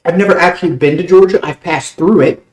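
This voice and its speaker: A young American man, chatting casually and fast with stream viewers, loose and a bit profane. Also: a little high. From United States. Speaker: game streamer. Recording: roomy echo.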